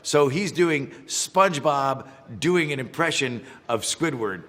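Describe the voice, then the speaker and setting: A man's voice: mid-range voice, animated, slow pace, pushed and bright. Wry middle-aged man with reverb. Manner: dry, wry humor with fillers. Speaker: voice actor reacting to impressions. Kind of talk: playful commentary.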